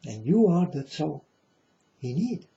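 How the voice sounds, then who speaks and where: A man delivers a preachy monologue to viewers in a slightly high but very dark, mellow voice. He talks haltingly and grandly, calling out to his folks again and again, on a dull lo-fi recording. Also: very animated, creaky. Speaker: self-styled preacher vlogger.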